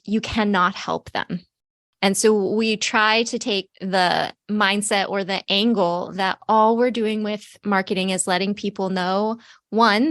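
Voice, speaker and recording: Woman, podcast host, middle pitch, thoughtful explainer, dry recording. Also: dry recording. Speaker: podcast host, marketing teacher. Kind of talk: podcast interview.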